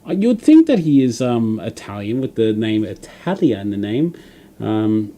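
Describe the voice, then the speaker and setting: A man's voice: fairly low pitch, sing-song, a little slow, dark tone. An Australian man hosting a livestream, chatting casually and reading out viewer comments, rambling with lots of fillers and restarts. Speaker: livestream host.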